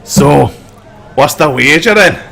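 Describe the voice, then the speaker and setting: A man's voice: fairly high pitch, lively intonation, takes it slowly, gravelly, fairly bright tone, breathy edge, heavily acted. Man doing a boisterous clansman. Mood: teasing boisterous. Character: boisterous hard-drinking male clansman.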